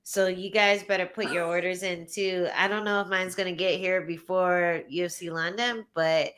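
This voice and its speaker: Woman, bright voice, laid-back, slangy, casual chat. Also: on the low side, fairly even intonation, moderate pace. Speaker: co-host, fighter.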